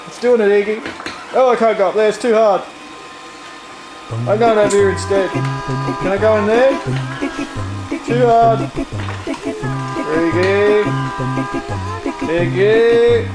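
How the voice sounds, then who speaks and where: A woman giving playful, exclaiming commentary while filming her pets at home. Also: mid-range voice. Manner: playful, exclaiming, teasing pets, barking woofs. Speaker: pet owner filming her kitten. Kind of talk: casual home-video commentary. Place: holiday home, indoors. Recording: echoey room with clear background noise.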